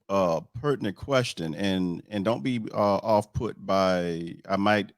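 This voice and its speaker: A man hosting a casual interview, playful and hyped, often jumping up loud and high. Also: slow pace, no echo, studio quality. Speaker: podcast host.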